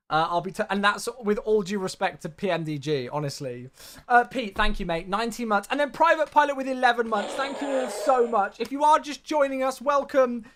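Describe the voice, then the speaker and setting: Male streamer, casual and chatty, pitch bouncing around a lot. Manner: chatty, thanks viewers warmly by name, says "mate" a lot. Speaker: flight sim streamer. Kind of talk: casual live-stream chat.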